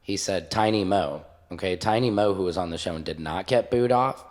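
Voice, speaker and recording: A man's voice: sits low, a little fast. A middle-aged man hosting a podcast, telling stories in a casual, joking way with frequent swearing. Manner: animated storyteller, jokes and swears freely. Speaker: podcast host. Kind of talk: casual storytelling chat.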